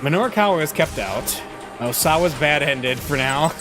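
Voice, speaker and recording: A man's voice: fairly high pitch, moderate pace. Man reading a visual novel aloud. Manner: expressive reader, casual asides. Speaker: let's play host reading a visual novel. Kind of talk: reading game text aloud with commentary. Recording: voice over game music.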